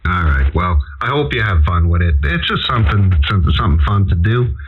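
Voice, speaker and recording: A man's voice: low-pitched, sing-song, moderate pace, husky, phone-quality sound, faint music behind. A man chatting easily as an amateur radio operator on the air, heard through a radio transmission. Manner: easygoing, chatty. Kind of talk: casual ham radio chat.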